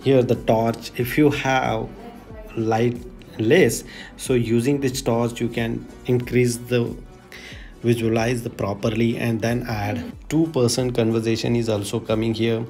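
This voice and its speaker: Mellow-voiced man demoing an app. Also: mid-range voice, level tone, soft background music. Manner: halting non-native English, repeats "look at this". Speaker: tech tutorial host. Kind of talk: casual screen-recorded app demonstration.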